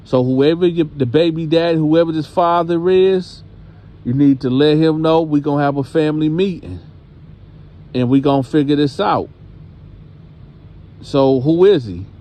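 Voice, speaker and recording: A man putting on a strict high-voiced grandmother. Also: normal speed, long pauses, mellow, lightly acted. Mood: stern. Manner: strict, demanding answers. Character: stern churchgoing grandmother, tough and no-nonsense.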